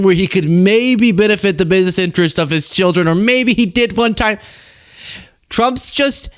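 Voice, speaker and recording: A young man hosting casual political commentary, animated and jokey, laughing at his own rhymes. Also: high voice, unhurried, long pauses, smooth, no echo, studio quality.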